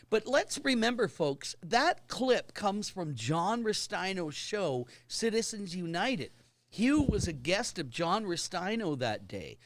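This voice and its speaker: A man's voice: fairly high pitch, no room sound. A man hosting a casual talk show, reading out viewer comments and teasing his guests. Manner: brisk, relays comments, teasing. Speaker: host.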